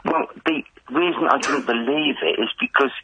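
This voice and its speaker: Slow, insistent man calling in by phone. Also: mid-range voice, bright, forceful tone, slightly rough, no echo. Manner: slow, measured, insistent, halting. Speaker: caller. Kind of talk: phone-in call. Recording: muffled dry phone line.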